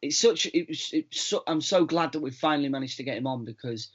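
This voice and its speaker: A man co-hosting a podcast, chatting casually and excitably with lots of restarts and repeated words. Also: on the high side, a little fast, slightly rough. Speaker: podcast co-host. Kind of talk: casual chat. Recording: muffled lo-fi remote audio.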